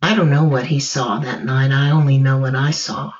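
A woman recounting her own ordeal in the first person, slow and measured, halting in places. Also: a bass voice, fairly even intonation. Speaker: survivor telling her story. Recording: dull distant recording with faint music.

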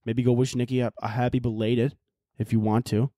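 A man's voice: medium pitch, level tone, a little fast, mellow, no room sound, studio quality. A young man hosting a solo podcast, ranting in an exasperated, rambling, profane way. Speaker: podcast host. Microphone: laptop and camera audio.

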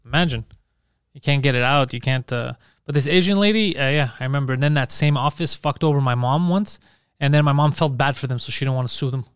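Fast-talking man swapping crude stories. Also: medium pitch, smooth, dry recording, clean studio sound. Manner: swearing, animated, acts out quotes. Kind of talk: casual storytelling chat.

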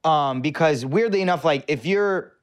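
A young man co-hosting a podcast, asking questions in a relaxed way with lots of fillers in a studio. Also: on the high side, moderate pace. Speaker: podcast co-host. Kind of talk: casual interview chat.

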